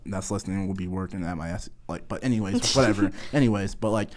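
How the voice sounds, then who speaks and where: A man's voice: low-pitched, fast talker. A young man from the US East Coast, co-hosting a casual podcast, rambling, leaning heavily on "like" and swearing freely. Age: young adult. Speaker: podcast co-host.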